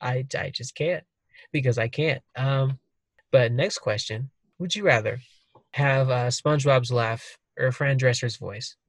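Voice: medium pitch, unhurried, no echo. A laid-back speaker in casual chat, joking at their own expense.

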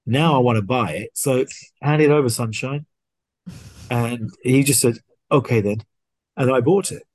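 A man, a podcast guest, casually telling a story and acting out the dialogue in an animated way. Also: mid-range voice, normal speed, no room sound. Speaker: guest watch collector.

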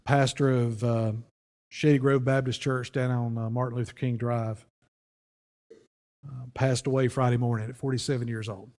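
A pastor telling a story in a folksy, conversational sermon, with frequent restarts. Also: male voice, medium pitch, level tone, normal speed, darkish tone. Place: church sanctuary. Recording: long church reverb.

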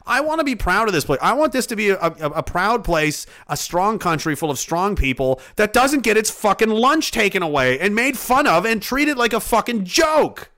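A man's voice: sits high, very animated, normal speed, few pauses, sharp tone. A Canadian man on a live stream, ranting angrily about politics in a profane, heated way. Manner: profane, heated, mocking voices of others. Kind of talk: angry political rant.

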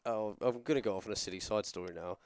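A man's voice: on the low side, fast, clear, resonant tone, no room sound, studio quality. A man co-hosting a podcast, a wrestler, telling long rambling stories in casual chat and perking up when he quotes people. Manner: rambling storyteller, animated when quoting others.

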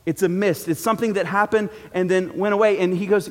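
A man's voice: high-pitched, fairly even intonation, a little fast. A man preaching a sermon in a church auditorium, in a casual, joking, conversational way. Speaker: pastor. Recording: long reverb from a large hall.

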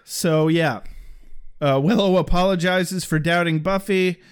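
A man co-hosting a podcast and recapping a show in casual chat, with crude jokes and quick put-on voices. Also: sits high, steady tone, clean tone. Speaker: podcast co-host.

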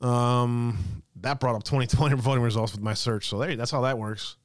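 Man, live-stream host, casual chat, laughs a lot, smooth voice, dry close sound. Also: mid-range voice, fairly even intonation, normal speed, no room sound. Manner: chatty, reads chat aloud, laughs often.

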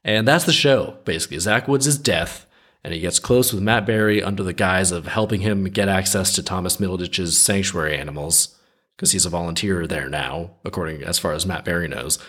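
A man's voice: sits low, brisk, fairly bright tone, slightly rough. A man hosting a podcast, retelling a story in a chatty, conversational way. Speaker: podcast host.

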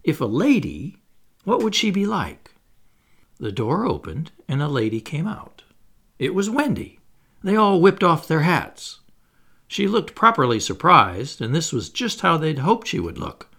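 A man reading a children's storybook aloud in an expressive narrating style. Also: a little high, unhurried, breathy edge. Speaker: audiobook reader.

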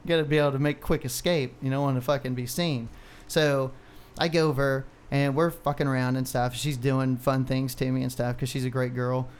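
A man's voice: mid-range voice, little pitch movement, brisk, smooth. A man in his thirties, a podcast co-host, telling a long personal story in casual, profane, rambling talk with frequent laughs.

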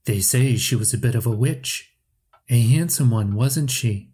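A man's voice: medium pitch, measured pace, warm tone, breathy edge. A man voicing a chatty older aunt in a storybook reading, speaking offhandedly. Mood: offhand.

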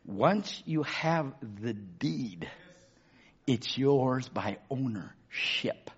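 A pastor preaching a sermon. He drops to a murmur, then shouts for emphasis and calls out to the congregation for amens. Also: sing-song, drawn-out words, slightly rough, lo-fi sound. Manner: swings between low murmurs and loud shouted emphasis.

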